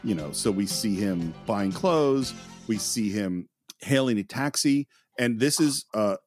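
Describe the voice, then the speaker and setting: A man co-hosting a casual film commentary podcast, enthusiastic and quick to laugh. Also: fairly low pitch, expressive, darkish tone, soft background music. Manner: enthusiastic, laughs often, acts out quotes. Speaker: podcast co-host.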